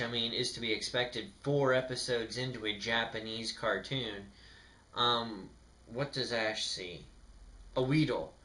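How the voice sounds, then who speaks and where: A man's voice: medium pitch, sharp tone. A young man casually reviewing a cartoon episode, rambling and sarcastic, with lots of filler words. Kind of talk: casual commentary.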